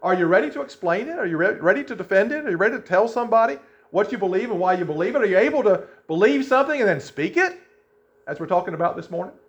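A man's voice: high-pitched, animated, fast talker, dull audio. A male pastor preaching a sermon, reading scripture aloud and asking the congregation emphatic questions.

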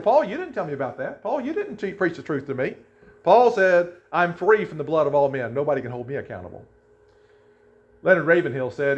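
A man's voice: a little high, lo-fi sound. A male pastor preaching a sermon, reading scripture aloud and asking the congregation emphatic questions.

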